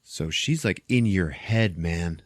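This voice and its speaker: A man hosting a podcast, casually retelling a film's plot as an animated, profane storyteller. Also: sits low, slow pace, no room sound, clean studio sound. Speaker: podcast host. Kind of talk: casual movie recap.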